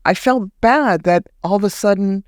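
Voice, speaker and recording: Woman guest, animated storyteller, dry recording. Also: no room sound. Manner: animated, acts out remembered words in a higher voice; halting restarts when recounting. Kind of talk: personal storytelling in a podcast interview.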